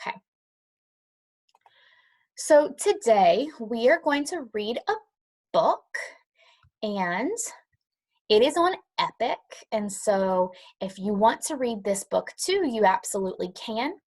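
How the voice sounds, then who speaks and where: High-voiced teacher talking to kids. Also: female voice, big pitch swings, slow, pauses often. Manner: warm, encouraging teacher talk to young children. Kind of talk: online class lesson and read-aloud. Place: at home, dog nearby.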